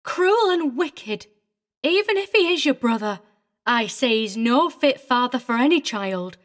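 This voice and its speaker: A woman's voice: fairly high pitch, expressive, normal speed, fairly bright tone. A woman voicing a prim, tearful older female governess who speaks with fussy, indignant precision. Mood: vehement. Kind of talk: audiobook character reading.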